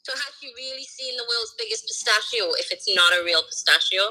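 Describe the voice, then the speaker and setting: A woman's voice: on the high side, expressive, a little fast, bright, forceful tone, low-quality recording. A woman with a Geordie accent, chatting casually as a call-in guest with dry, wry humor. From North East England. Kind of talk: casual chat.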